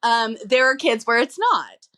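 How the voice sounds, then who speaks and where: A woman's voice: fairly high pitch, expressive, measured pace, sharp tone. A woman co-hosting a podcast in casual chat, telling stories as a mother in a talkative way. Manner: chatty, storytelling, laughs easily. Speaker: podcast co-host.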